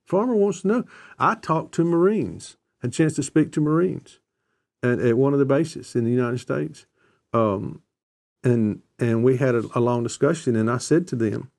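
Warm-voiced man telling earnest stories. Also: mid-range voice. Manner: earnest storytelling, repeats phrases for emphasis. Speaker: discussion guest. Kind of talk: conversational theology discussion.

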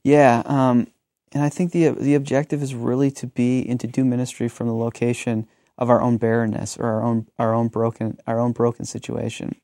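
A man's voice: medium pitch, level tone, brisk, mellow, dry recording, studio quality. A man in his thirties, a pastor and teacher, talking earnestly about ministry and telling stories in a conversational way. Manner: earnest, storytelling, frequent "um".

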